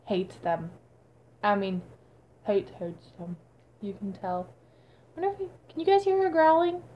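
A woman's voice: mid-range voice, lively intonation, unhurried, lo-fi sound. A woman vlogging in a casual, chatty way indoors at her grandmother's house, cooing baby talk at her cat and teasing it playfully. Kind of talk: casual vlog chat.

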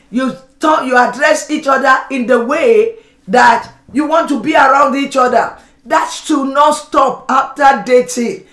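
A woman's voice: high-pitched, a bit bright. Woman pastor preaching in a roomy church. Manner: preaching with call-and-response, acting out examples. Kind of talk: sermon.

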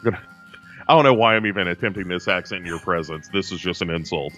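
A low-pitched American man chatting loosely on a film podcast, rambling through his thoughts and restarting sentences as he goes. Soft music sits faintly underneath his voice. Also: fast talker, lo-fi sound. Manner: rambling, self-interrupting, chatty. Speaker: podcast co-host. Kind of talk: casual chat.

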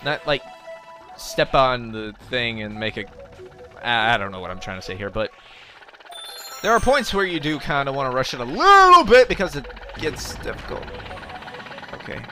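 Young dude doing lets play commentary, jokey rambly, bright voice, bit of music under it. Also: male voice, mid-range voice, big pitch swings, normal speed, long pauses. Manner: rambling, jokey, yelps in panic. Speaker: gameplay commentator.

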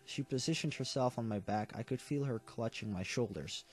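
A man's voice: medium pitch, normal speed, darkish tone, faint music behind. A man reading a visual novel aloud for a let's play, earnest but stumbling and correcting himself now and then.

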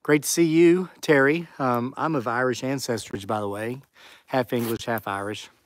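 A man's voice: mid-range voice, moderate pace, dry recording. A man hosting a live stream outdoors at dusk, chatting casually and reading viewer comments aloud. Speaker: channel host on a live stream. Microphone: phone or camera on a tripod.

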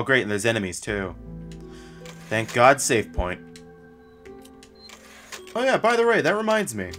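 A man giving casual, profane commentary while he plays, swearing often and blurting out quick reactions. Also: medium pitch, fairly bright tone. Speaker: gameplay streamer.

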